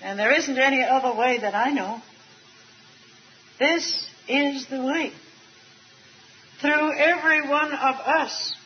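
An older woman preaching a sermon at a retreat, earnest and emphatic, drawing out key words slowly with a light aside now and then. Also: high-pitched, slight background noise. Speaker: speaker at a Christian retreat. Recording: dull archival tape recording.

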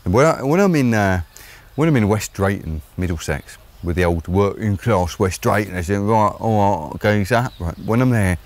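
A deep-voiced man with an English accent talks on his own channel, musing aloud at length. He hesitates often with ums and uhs, then drops blunt, sardonic remarks. His delivery stays low and grounded throughout. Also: expressive, normal speed. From England. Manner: rambling, hesitant, many fillers. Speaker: vlogger host. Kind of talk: opinionated solo commentary.

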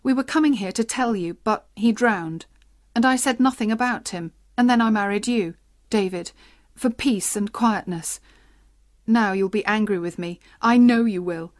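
A woman's voice: medium pitch, normal speed, lightly acted. A woman reading the part of a young wife, a schoolteacher, who anxiously confesses a secret.

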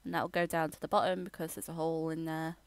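A woman rambling through a casual game voiceover, halting and restarting as she tours her builds. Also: sits low, level tone, gravelly, no echo. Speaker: gamer giving a tour.

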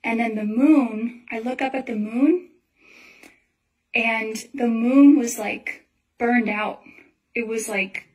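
A woman's voice: on the high side, takes it slowly, pauses often, darkish tone. A young woman earnestly telling a personal religious dream in a casual, rambling way, full of filler words. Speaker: Christian testimony speaker. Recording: voice a little far from the mic.

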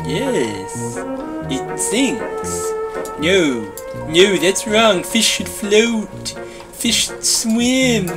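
A performer doing a whiny, bossy little overseer who fancies itself a bee, in a game-video comedy. It drawls its orders slowly at a middling pitch. It bosses the builders around in childish, broken grammar. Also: expressive, loud music behind the voice. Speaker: boss directing the builders. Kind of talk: comedic machinima voice acting.

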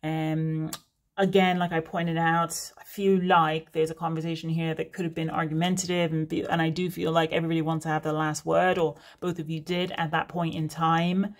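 A woman's voice: deep voice, level tone, moderate pace. Chatty, rambling woman reader. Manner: chatty, rambling, prone to laughing digressions. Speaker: tarot reader. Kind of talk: casual unscripted reading to camera.

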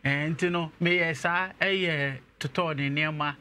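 A young man, an interview guest, telling his own story and growing animated as he recounts events. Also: a little high, slow pace, slight background noise. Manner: animated when retelling events, laughs.

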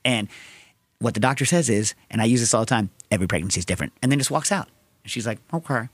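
A man's voice: mid-range voice, fast talker, no room sound. A man hosting a podcast, answering listener questions in a casual, rambling style full of tangents. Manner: rambling, tangent-prone, animated storytelling. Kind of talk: casual chat.

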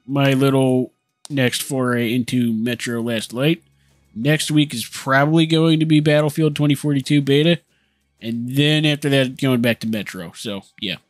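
A man's voice: medium pitch, no echo. A young man casually commentating his own gameplay, cursing and joking as he reacts. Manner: sweary, jokey, excitable reactions. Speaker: gaming channel host. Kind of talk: casual let's-play commentary.

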